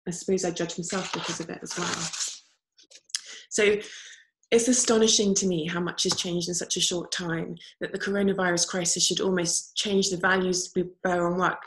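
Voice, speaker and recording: Woman panellist, earnest storyteller, low gravelly voice. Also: flat delivery, fairly quick, a bit bright. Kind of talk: panel talk.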